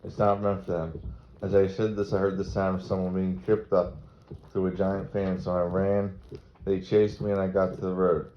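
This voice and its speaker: A man's voice: deep voice, level tone, moderate pace. A man from Maryland telling a rambling, crude stand-up story. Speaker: comedian. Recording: dull lo-fi recording with faint noise.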